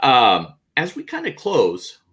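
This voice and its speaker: A man's voice: mid-range voice, huge pitch swings, a bit bright. A man hosting an educator podcast, asking questions in a friendly, encouraging way. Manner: friendly, encouraging interviewer, slow and easygoing. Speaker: podcast host. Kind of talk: casual interview chat.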